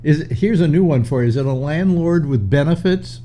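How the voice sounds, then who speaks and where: An older man hosting a call-in talk show, chatting casually with a stuffy nose and many halting restarts. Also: on the high side, warm tone, a little hiss or hum. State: stuffy nose, slightly short of breath. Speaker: radio talk show host. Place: home studio in New York.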